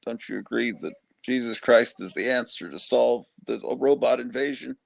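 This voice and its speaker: A man's voice: medium pitch, normal speed, gravelly, no echo. A middle-aged man hosting a casual chat show, tired, rambling and joking as he talks. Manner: rambling, joking, self-interrupting. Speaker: host.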